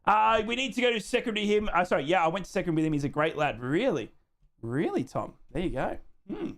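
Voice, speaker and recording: An Australian man with a high-pitched, fairly bright voice talks rapid-fire while hosting a live football watchalong. He chats casually and jokily, reads out fan comments, repeats himself and says "mate."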